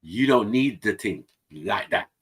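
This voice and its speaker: An English man guests on a panel stream, telling stories in casual chat and animatedly acting out the voices of the people in them. His voice is fairly low and slightly rough, and he talks a little slowly.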